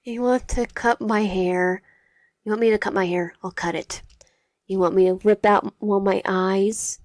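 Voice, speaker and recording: A woman's voice: medium pitch, fairly even intonation, normal speed, a little mellow, no echo, clean studio sound, natural voice. A woman voicing a possessive, tearful teenage boy classmate who pleads and clings. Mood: pleading.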